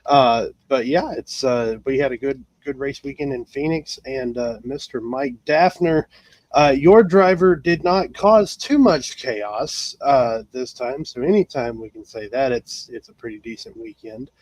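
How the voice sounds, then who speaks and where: A man's voice: mid-range voice, a little slow, darkish tone, no room sound. A man hosting a casual live racing talk show, with many fillers and restarts. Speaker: podcast host.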